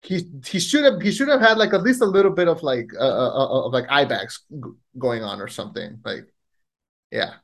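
A man co-hosting a casual film-review podcast, rambling and joking with halting restarts. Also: medium pitch, lively intonation, creaky. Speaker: podcast co-host.

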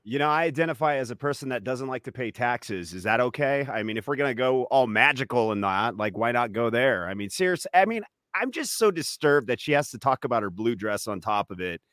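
A man's voice: medium pitch, expressive, brisk, few pauses, a bit bright, no echo, clean studio sound. A man chatting as a guest, sarcastic and getting heated as he talks. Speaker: guest comedian. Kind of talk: casual political chat.

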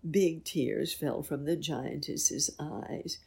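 Brief: woman storyteller, slow and creaky, lively pitch. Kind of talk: reading a children's story aloud.

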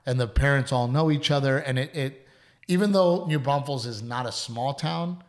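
A man, co-hosting a podcast in casual chat, telling earnest stories and going hushed at heartfelt moments. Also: mid-range voice, moderate pace. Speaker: podcast co-host.

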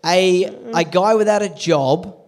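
A man's voice: high voice, measured pace, darkish tone. An Australian man co-hosting a casual podcast who keeps interrupting, swears, and questions the story in disbelief. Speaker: podcast co-host. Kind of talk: casual banter.

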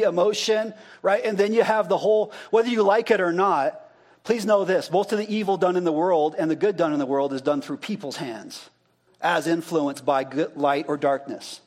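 This is a pastor delivering a sermon in a loose, chatty way. His voice sits notably high for a man. He keeps turning to the people in front of him with questions and repeats what they call out. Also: moderate pace, a little mellow. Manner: conversational, asks the congregation questions and repeats their answers. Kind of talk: interactive sermon.

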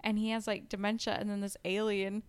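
Chatty young woman with smooth voice. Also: medium pitch, little pitch movement, fairly quick, dry recording. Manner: chatty, rambling with many ums and likes. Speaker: podcast co-host. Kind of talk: casual chat.

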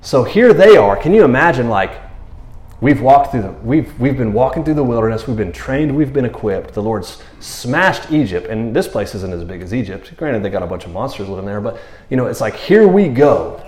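A man gives a sermon in loose, casual speech, often slipping into the voices of the people in the story. His pitch swings widely as he talks. The sound is roomy, with a clear echo around his voice. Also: moderate pace. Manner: animated, slangy, acts out quotes in character voices. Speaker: pastor.

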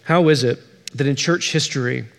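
A man's voice: medium pitch, moderate pace, gravelly, a bit bright. A man preaching as pastor, telling a story and pressing its point with emphatic repetition. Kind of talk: sermon.

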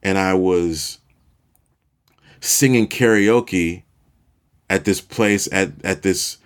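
A deep, smooth-voiced male podcast host from Chicago, USA, talks slowly in a casual storytelling monologue. He's relaxed and self-deprecating, chuckling at himself as he goes.

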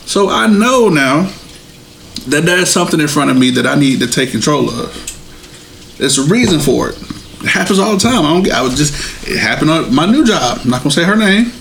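Gravelly man in relaxed chat. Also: fairly high pitch, moderate pace, slight background noise, poor audio. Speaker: podcast co-host. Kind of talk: casual chat.

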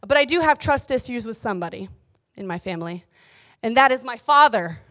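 A young woman giving a casual devotional talk, chatty and animated, telling stories with playful asides. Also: fairly high pitch, a little fast. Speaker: youth speaker.

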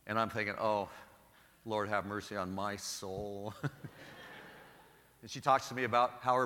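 A middle-aged man, a Catholic priest, preaching a homily with animated, self-deprecating stories. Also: medium pitch, big-room sound.

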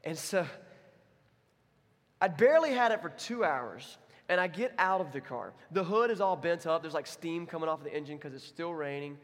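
A young adult man delivers a sermon from a church, talking in a relaxed, conversational way as he tells stories. His voice sits a bit high for a man, and a long reverb from the hall trails each phrase. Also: moderate pace. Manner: storytelling, conversational, voices quotes with big swings. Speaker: pastor. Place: church sanctuary.

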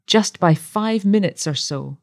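A woman voicing a devoted, fussy young wife nursing her husband, with a coaxing, bright manner. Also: mid-range voice, animated, unhurried, vocal fry. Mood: soothing.

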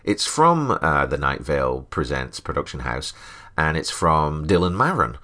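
A man with an exceptionally deep, low voice hosts a podcast. He reviews other shows in a comedic monologue. His delivery is dry and matter-of-fact. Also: big pitch swings, unhurried, pushed and bright.

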